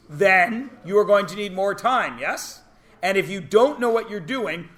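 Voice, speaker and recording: A male math teacher with a high, bright voice, lecturing a class in a classroom. He talks briskly and teases his students, and he keeps checking in with rhetorical questions.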